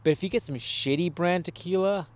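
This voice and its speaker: A man from Arizona co-hosting a podcast, chatting casually, animated and swearing, laughing at his own jokes. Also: high voice, brisk. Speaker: podcast co-host. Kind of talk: casual chat.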